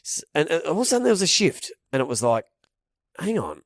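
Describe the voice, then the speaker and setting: An Australian man spins a yarn on a podcast, his pitch swinging freely as he talks. He swears casually and keeps the story rolling. The sound is dry and close, with no room around it. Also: sing-song, fast talker, no room sound. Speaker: podcast co-host. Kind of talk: casual banter.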